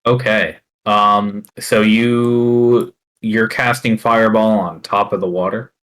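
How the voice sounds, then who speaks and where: A man running a tabletop game as dungeon master, narrating slowly and carefully, with many fillers between phrases. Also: fairly low pitch, fairly even intonation, fairly bright tone, poor audio.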